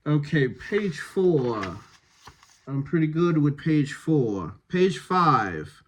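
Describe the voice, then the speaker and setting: A man working as a dialect coach, reading rehearsal notes to a cast in a slow, measured way with frequent pauses. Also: on the high side, animated, fairly bright tone.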